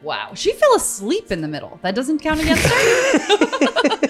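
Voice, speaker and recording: A woman comedian bantering on a podcast, her voice very high and swooping. She laughs at herself between lines, with faint music underneath. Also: wildly swooping pitch, unhurried. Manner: giggly, self-mocking. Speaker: comedian guest.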